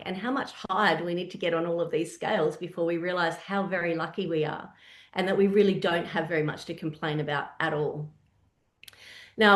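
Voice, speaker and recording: A woman's voice: fairly low pitch, reverberant. A woman from Australia with an Australian accent, telling a personal story while presenting a webinar in a conversational way. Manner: conversational storytelling, animated asides.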